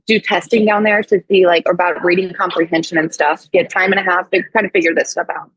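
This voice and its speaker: A woman in her thirties from Missouri, a podcast guest telling a personal story in a casual, animated way, full of "like" and acted-out quotes. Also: medium pitch, moderate pace, slightly rough, dry recording, rough recording. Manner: animated, acts out quoted voices, frequent "like".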